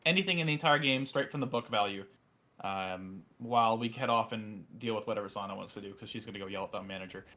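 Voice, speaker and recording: A man's voice: lowish voice, fast, pushed and bright. A man narrating as game master in a tabletop role-playing session, in a casual, filler-heavy way.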